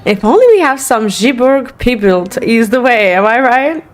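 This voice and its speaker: A woman's voice: a little high, big pitch swings, normal speed. A woman streamer chatting casually and giggling while she plays a game, with faint game music behind. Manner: giggly, chatty, lots of fillers. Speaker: gaming streamer.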